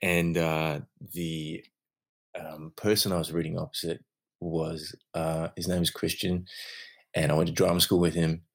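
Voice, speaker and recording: A man from Australia, an actor co-hosting a casual chat, telling animated stories and laughing often. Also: sits low, unhurried. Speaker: actor, podcast co-host.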